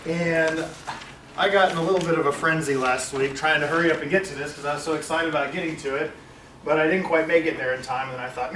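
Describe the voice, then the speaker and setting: A man's voice: on the high side, fairly even intonation, fast, bright, forceful tone, slight background noise. A man leading a Bible study class, talking informally and correcting himself, with lots of fillers. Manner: rambling, self-correcting, with many fillers. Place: classroom with a large screen. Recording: echoey room, far from mic.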